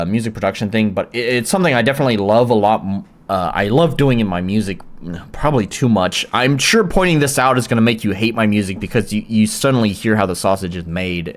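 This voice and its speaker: A live streamer in casual chat, swearing often and rambling with restarts and fillers. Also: medium pitch.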